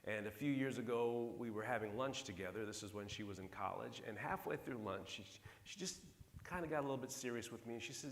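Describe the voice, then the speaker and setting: A middle-aged man delivers a conference keynote in a large hall, an animated, humorous storyteller spinning funny stories for the audience. His voice is medium-pitched and creaky, and he talks fast. The recording carries the long reverb of the big hall.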